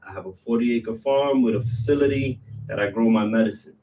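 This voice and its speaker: A man tells his business story in a loose podcast chat, his pitch sitting right in the middle. He strings steps together in quick lists. His voice is picked up from a little way off the microphone. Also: mellow, far from the mic, a little hiss or hum, poor audio. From New York. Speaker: business owner guest. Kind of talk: casual interview chat.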